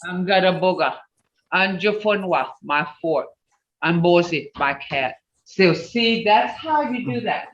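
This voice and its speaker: A teacher speaks slowly and patiently, walking a class through a lesson step by step over a video call. The voice sits back from the mic in a roomy, echoing space, and the call audio sounds dull and muffled. Small slips get corrected out loud in passing. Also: mid-range voice, expressive, recorded from a distance, a little hiss or hum. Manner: slow, patient, explaining step by step; self-correcting, with asides. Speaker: language teacher.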